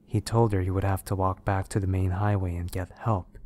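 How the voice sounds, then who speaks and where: Man reading horror stories, very low voice, steady, measured storytelling. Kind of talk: scripted narration of horror stories.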